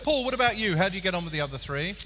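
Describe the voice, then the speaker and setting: Lively man presenting on stage. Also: sits high, very fast. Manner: jokey, teasing, animated. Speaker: workshop presenter. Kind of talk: live training session on stage. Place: large hall with a live audience. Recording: reverberant hall, faint noise.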